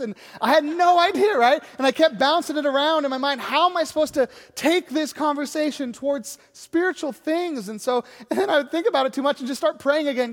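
Forties male pastor, lively self-mocking preacher, long hall reverb. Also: very high voice, fast talker. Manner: animated, self-deprecating storytelling. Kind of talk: sermon storytelling.

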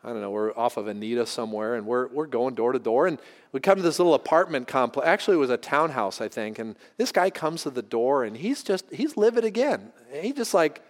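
A pastor telling a personal story in a sermon, animated and acting out the voices of the people in it. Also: male voice, medium pitch, a little fast. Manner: animated, acts out voices in his anecdotes. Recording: long hall reverb.

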